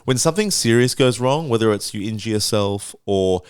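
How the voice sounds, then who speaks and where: A man's voice: lowish voice, brisk, smooth, dry recording, studio quality. A young man hosting a podcast, telling a story casually, swearing freely and acting out the quotes. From Australia. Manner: swears freely, animated retelling with voiced quotes. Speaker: podcast host.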